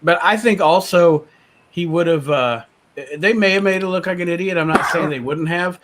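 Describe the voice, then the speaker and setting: Male podcast co-host, slightly high voice, hesitant rambling delivery. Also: fairly bright tone. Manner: halting, many fillers and restarts. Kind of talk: casual chat recapping wrestling.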